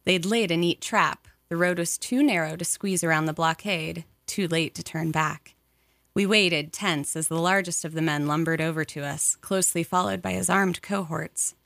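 A woman narrating a memoir audiobook in a measured, even storytelling manner. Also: on the low side, vocal fry, no room sound.

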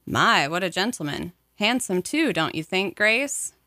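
A woman's voice: medium pitch, sing-song, unhurried, pushed and bright, dry recording, clean studio sound, exaggerated voice. A woman reading aloud, voicing a proper, genteel middle-aged mother. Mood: admiring.

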